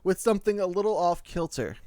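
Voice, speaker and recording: A man co-hosting a casual podcast, talking in an animated way and laughing often. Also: sits high, brisk, no echo. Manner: animated, laughing often while reading aloud. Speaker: podcast co-host. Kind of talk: casual chat.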